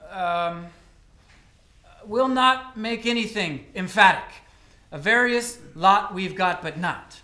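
A man's voice: sits high, slow pace, sharp tone, exaggerated voice. Man doing a naive hungry traveler, hesitant, stumbling over words, echoey live hall. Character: naive hungry male traveler, clumsy and literal. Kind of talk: live comic storytelling. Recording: roomy live stage sound.

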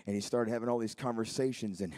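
A man in his thirties preaching a sermon in a church, moving between quiet storytelling and shouted, fervent preaching. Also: fairly low pitch, fairly even intonation, quick pace. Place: church sanctuary.

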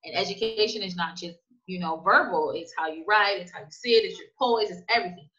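A woman's voice: on the low side, brisk, lo-fi sound. A woman guest in a conversational interview, telling stories emphatically and acting out quoted dialogue. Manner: emphatic, animated storytelling with acted-out quotes. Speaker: guest, immigrant business owner.

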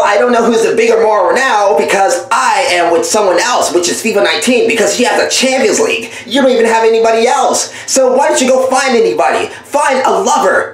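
Woman voicing a cocky boyfriend dumping his girl, mocking and dismissive, higher voice, echoey room. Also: close to an everyday voice. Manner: taunting, dismissive, repeats a catchphrase. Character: smug young boyfriend dumping his girlfriend. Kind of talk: comedy voiceover skit.

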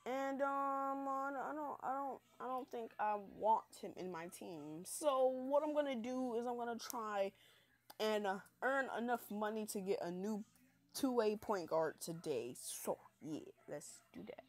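A woman's voice: on the high side, expressive, unhurried. A young woman hosting a casual gameplay video, chatty, hyped and self-mocking after staying up all night. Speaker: gaming channel host.

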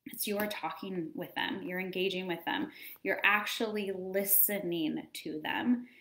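A woman in her thirties giving casual parenting advice as a coach, chatty and animated, acting out little scenes as she talks. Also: mid-range voice, measured pace, gravelly, reverberant, slight background noise. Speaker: wellness coach.

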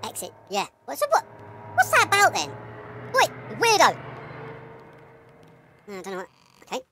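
A woman's voice: high voice, normal speed, a little hiss or hum. A woman commentating her own gameplay, swearing, laughing and talking to herself as she reacts to the game. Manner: excitable, swears a lot, talks to herself, yelps and laughs. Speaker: gamer playing a horror game.

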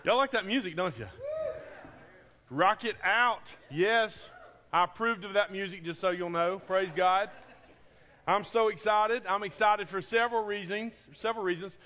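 A man's voice: sits high, normal speed, sharp tone. A man, a pastor preaching a sermon in an enthusiastic, emotional way, often repeating his phrases. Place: church sanctuary.

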